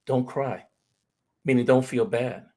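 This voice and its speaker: Husky guy doing an earnest grief talk, mid voice, tells personal stories. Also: medium pitch, slow, dark tone. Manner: earnest, addresses the audience as "fam". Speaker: grief recovery speaker. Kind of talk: motivational presentation with personal stories.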